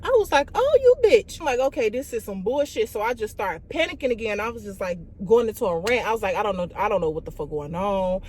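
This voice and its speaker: A young woman, telling a storytime vlog in an animated, profane way, full of "like" and "y'all". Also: medium pitch, quick pace, hardly any pauses. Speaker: vlogger.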